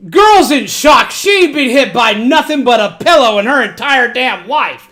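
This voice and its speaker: A woman streamer casually retelling an anime plot, animated and full of profanity. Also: high voice, normal speed, few pauses.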